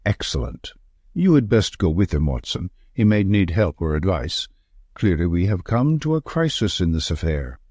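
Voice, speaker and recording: A man reading aloud as a stern, grave detective, pitched low and speaking with firm emphasis. The voice moves up and down lively and sounds close and dry, as if read for a storybook. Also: moderate pace, no echo. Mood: brisk. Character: stern, commanding male detective.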